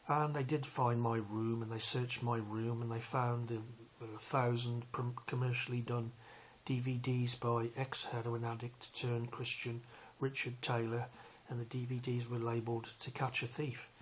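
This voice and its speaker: A man, telling a long personal story in a rambling, halting way with many fillers. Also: mid-range voice, little pitch movement, slight background noise. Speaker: vlogger recounting a police arrest. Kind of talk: casual storytelling.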